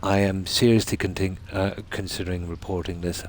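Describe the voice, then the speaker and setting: A man's voice: low voice, level tone, fairly quick. A man streaming a game, chatting casually and telling long rambling stories. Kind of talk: casual chat while gaming.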